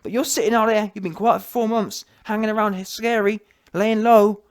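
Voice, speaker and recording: A man's voice: high voice, fairly even intonation, moderate pace, clear, resonant tone. Man, fired-up boxing rant, mocking, slangy, keeps adding "yeah". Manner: heated, mocking, slangy, full of restarts and "yeah" tags. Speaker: boxing commentator. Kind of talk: ranting opinion vlog.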